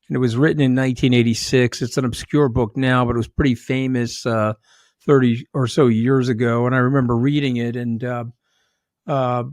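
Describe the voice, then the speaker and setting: A man's voice: medium pitch, a little mellow, no room sound, clean studio sound. A man hosting an interview podcast, talking casually with restarts and blunt asides. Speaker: podcast host. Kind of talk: interview conversation.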